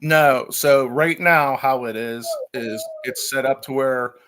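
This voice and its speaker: An eager man talking gear on a live online show, tripping over his words as he hurries to explain. His voice sits at an ordinary pitch, and his delivery is loose and unpolished. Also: takes it slowly, fairly bright tone, a little hiss or hum. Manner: enthusiastic, rambling with many restarts. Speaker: guest from a magnet fishing gear maker. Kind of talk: casual livestream chat.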